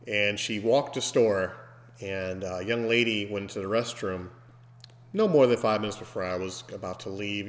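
A man hosting a podcast, telling a story casually and breaking into loud, animated mimicry of screams. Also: lowish voice. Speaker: podcast host. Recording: long hall reverb.

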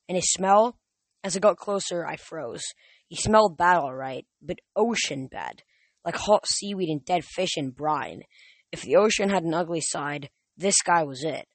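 A casual audiobook narrator reading a first-person adventure in an even middle pitch, often tripping over words and going back to fix them. The sound is dry and close, with no room around it. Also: no room sound. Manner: casual, with frequent slips and restarts.

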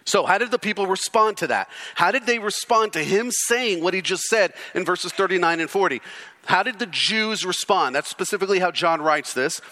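A male pastor preaching an expository sermon, emphatic, with repeated rhetorical questions and sudden drops into low, intense delivery. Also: animated, normal speed, bright, forceful tone.

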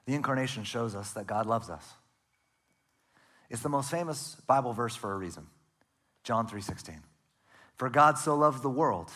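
A man preaching a sermon as pastor, earnest, often dropping to a soft, hushed delivery for emphasis. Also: medium pitch, expressive, normal speed, pauses often.

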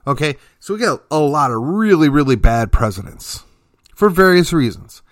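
Lively, emphatic man commentating. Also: on the high side, normal speed, no echo, studio quality. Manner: emphatic, lively, sarcastic asides. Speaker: political commentary host. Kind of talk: opinion monologue.

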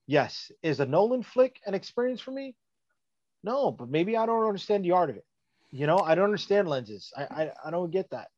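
A man's voice: high voice, very animated, a little fast, darkish tone, no room sound, lo-fi sound. A man in casual chat, blunt and profane, dismissive in his opinions.

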